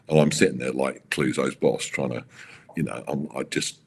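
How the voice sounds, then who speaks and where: A middle-aged man, a racing car designer, telling stories in an interview with halting restarts and acted-out quotes. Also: a bass voice, husky. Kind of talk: animated storytelling interview.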